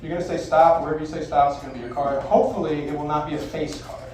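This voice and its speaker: A man's voice: on the high side, steady tone, very fast, a little mellow. A man in his forties, a stage magician doing brash, profane, theatrical comic patter to a live audience in a bar venue. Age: 40s. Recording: echoey live room, distant mic, faint noise.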